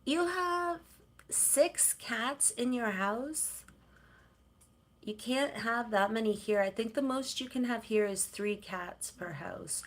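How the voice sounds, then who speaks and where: A middle-aged woman from Canada, chatting casually on a livestream and cooing softly to her cats. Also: fairly high pitch, takes it slowly. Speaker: livestream host.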